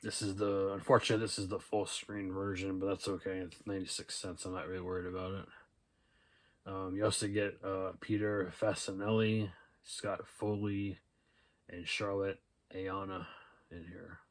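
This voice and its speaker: Low, flat-voiced guy rambling through a thrift haul. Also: normal speed. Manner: relaxed and rambling, with many "uh" and "um" fillers. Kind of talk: casual haul video, reading out DVD titles and cast lists.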